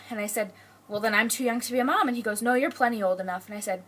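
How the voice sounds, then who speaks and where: A woman's voice: fairly high pitch, fast talker, sharp tone. A young woman telling family stories in a casual, chatty vlog, laughing often. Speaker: vlogger.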